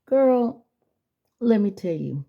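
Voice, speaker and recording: A woman's voice: mid-range voice, big pitch swings, slow pace, gravelly, muffled recording, heavily acted. A woman voicing her blunt, dismissive female friend who talks in a stubborn, matter-of-fact way.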